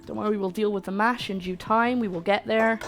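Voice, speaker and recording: A cooking livestream host with a British accent talks quickly in a mid-range voice with fairly even intonation. She chats casually with viewers while cooking, making fun of herself, and faint music can be heard behind her.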